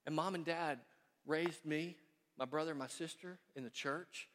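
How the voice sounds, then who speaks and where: Storytelling pastor in reverberant church. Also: male voice, on the high side, moderate pace. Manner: folksy and storytelling, softening into quiet earnestness. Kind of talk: sermon. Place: church sanctuary. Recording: long reverb of a church hall.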